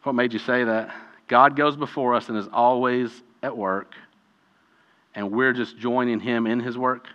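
A man's voice: mid-range voice, steady tone, unhurried, a bit bright. A man leading a group Bible study in an informal, conversational way, putting questions to the group. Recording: dull lo-fi audio with long room reverb.

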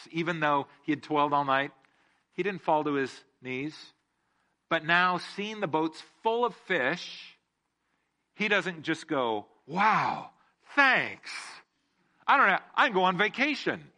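A man's voice: on the high side, bright, forceful tone. A man preaching a casual sermon, joking and asking the room questions. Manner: jokey, asks the room questions. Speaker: pastor.

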